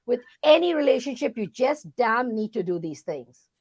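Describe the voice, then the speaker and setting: A fairly high-voiced woman talks through advice in a lively, conversational way, now and then acting out what people say. The sound is dry and close, as on a video call. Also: normal speed, slightly rough, no room sound. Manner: animated, advice-giving, acts out quotes. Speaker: podcast guest, leadership coach. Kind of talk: casual interview talk.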